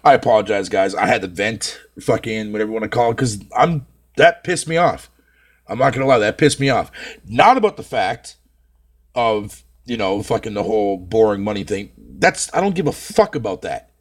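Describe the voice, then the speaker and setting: Male streamer, ranting casually with lots of profanity; pitch rises and falls widely; rambling, filler-heavy delivery. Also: expressive, moderate pace. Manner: venting, heavy swearing, rambling; frequent filler phrases. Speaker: live streamer. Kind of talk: casual live-stream chat.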